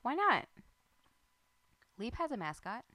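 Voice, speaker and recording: A woman's voice: on the high side, sing-song, slow, bright, forceful tone, dry recording. A woman co-hosting a podcast, teasing her co-host with laughter and swearing in casual chat.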